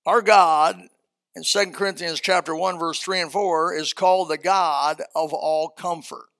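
High-voiced older man preaching a sermon. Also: fairly even intonation, unhurried, a bit bright. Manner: folksy storytelling preacher. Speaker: pastor.

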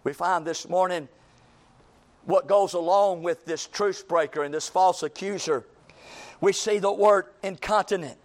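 A man preaching a fiery church sermon, swinging from shouted lines to low, intense passages with repeated emphasis. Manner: repetitive, drawn-out emphasis.

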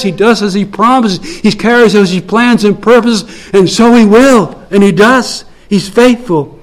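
A man preaching a sermon in an earnest way, repeating key phrases and stretching them out slowly, moving between soft, low passages and louder, raised lines.

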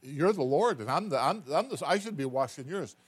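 A man preaching, voicing a blunt, humble male disciple with rough, folksy, protesting speech. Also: a little high, expressive, fairly quick, no room sound, voice pushed up.

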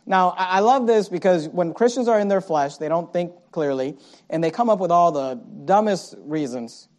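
A male pastor preaching a sermon, swinging from loud, punchy lines to quiet asides and mimicking his listeners' excuses. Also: sits high, lively intonation, normal speed.

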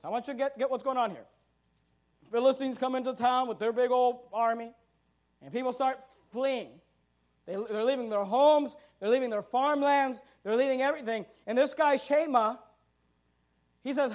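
High-voiced man preaching a fiery sermon. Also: fairly even intonation, fairly quick, darkish tone. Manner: emphatic, repetitive, confrontational preaching with rising volume bursts. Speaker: pastor.

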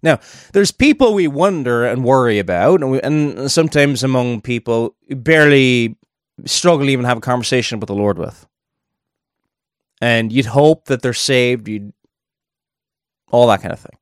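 A man delivers a sermon in a relaxed, conversational way, pausing for asides as he works through a verse. His voice sits at a mid pitch. The sound is dry and close, with no room echo. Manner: conversational, thinking aloud with asides. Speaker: preacher.

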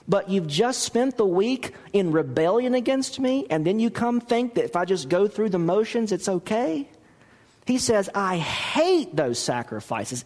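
A man's voice: sits high, darkish tone, big-room sound. A man preaching a sermon, acting out the quoted dialogue with expression. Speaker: pastor.

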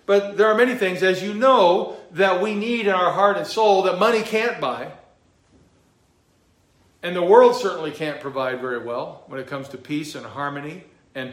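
A man's voice: medium pitch, a bit bright. A pastor preaching an expository sermon in a conversational way, asking rhetorical questions of his congregation. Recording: echoey room.

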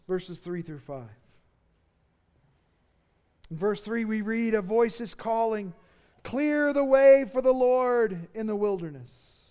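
A male pastor with a high-pitched, slightly mellow voice delivers a sermon earnestly and emphatically, rising dramatically on key phrases.

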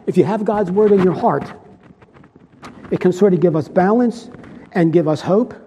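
A man's voice: high-pitched, moderate pace, dark tone, slightly rough. Emphatic man preaching in a hall. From United States. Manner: emphatic, earnest, repeats phrases for stress. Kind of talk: sermon. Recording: long hall reverb.

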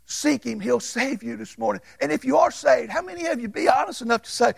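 A man preaching a folksy, storytelling sermon as pastor in a church, swinging between loud and hushed. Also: extremely high pitch, animated, a little fast, gravelly, hardly any pauses, breathy edge, no room sound. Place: church sanctuary.

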